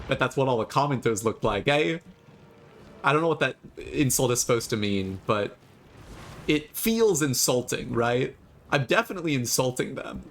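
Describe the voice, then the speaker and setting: A man streaming himself playing a video game, talking casually with rambling, sarcastic asides and animated bursts. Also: mid-range voice, moderate pace, a little hiss or hum. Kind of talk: casual gameplay commentary.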